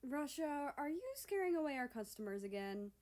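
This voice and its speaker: A woman playing a gruff older father who mocks his old friend in a dry tone. He speaks in level, unhurried lines. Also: extremely high pitch, lively intonation, darkish tone, pitched above the performer's own voice. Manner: dry, mocking. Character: gruff older male country personified, a father.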